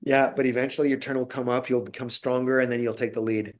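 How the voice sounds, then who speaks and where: A man with a mid-pitched voice talks as a podcast guest and university lecturer. He tells his stories in an animated way and acts out the voices of the people in them. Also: quick pace. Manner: animated storyteller, acts out quotes. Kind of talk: casual interview.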